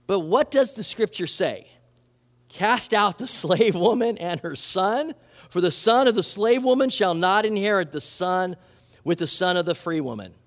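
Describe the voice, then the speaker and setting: Animated high-voiced man preaching in hall. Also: unhurried. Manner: animated, acts out quoted voices, restarts. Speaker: pastor. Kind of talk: sermon.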